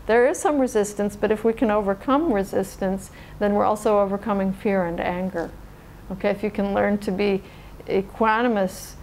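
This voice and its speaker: Woman meditation teacher, mid-pitched, calm and unhurried, for a dharma talk. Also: gravelly, slight background noise, low-quality recording. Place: meditation center hall.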